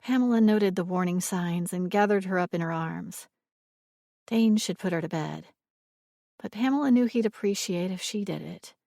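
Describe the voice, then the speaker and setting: A woman narrating a romance audiobook in a measured, expressive reading. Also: on the low side, creaky, no echo, studio quality.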